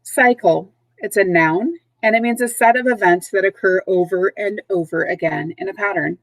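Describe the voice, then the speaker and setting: Woman, teacher, recorded vocabulary lesson, patient, clear, repeats words, dry sound. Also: mid-range voice, moderate pace, no room sound, poor audio. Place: at home, dogs nearby.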